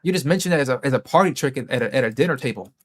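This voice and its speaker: A man's voice: expressive, racing. A man hosting a late-night livestream, ranting casually and profanely, often mocking people in a put-on voice. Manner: profane, mocking, puts on high mock voices. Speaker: livestream host.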